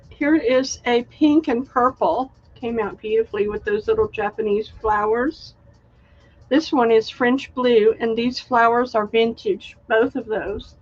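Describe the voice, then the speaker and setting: A woman hosting a live online craft sale, chatty and unhurried, showing handmade items and reading out winning bidders. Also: a little high, a little mellow, lo-fi sound. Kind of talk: live online sales stream.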